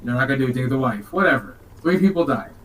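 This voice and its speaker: A man's voice: medium pitch, animated, very fast, fairly bright tone, far from the mic, slight background noise, poor audio. A man co-hosting a podcast, recapping a film in a rambling, jokey, casual way. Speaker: podcast co-host.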